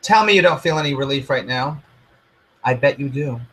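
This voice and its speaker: Husky male spiritual coach, earnest and repetitive, soft near-whisper drops, mid pitch. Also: animated, moderate pace, rough recording. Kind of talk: motivational teaching to camera.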